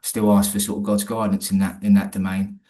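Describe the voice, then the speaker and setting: A man's voice: lowish voice, level tone, brisk, warm tone. A man, a guest in an interview, telling a personal story in a rambling, colloquial way with many restarts.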